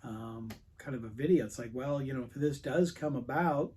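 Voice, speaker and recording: A man's voice: medium pitch, moderate pace, dark tone, breathy edge. A man hosting his own record collecting channel, telling a rambling, frustrated story to camera with lots of quoted dialogue. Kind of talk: casual rant to camera.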